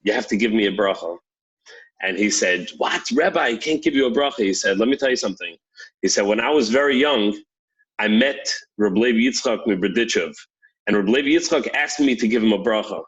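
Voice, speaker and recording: A man's voice: fairly low pitch, brisk, husky, lo-fi sound. A man co-hosting a podcast, retelling a story in a thoughtful, casual way. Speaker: podcast co-host.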